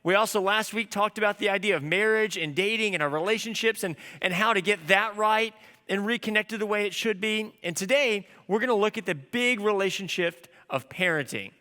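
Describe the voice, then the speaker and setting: A man in his thirties preaches with a high, bright voice. He tells stories in a lively, conversational way, and his voice rings with the long reverb of a large hall. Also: fairly quick. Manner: storytelling, animated and conversational. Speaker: pastor. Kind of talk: sermon.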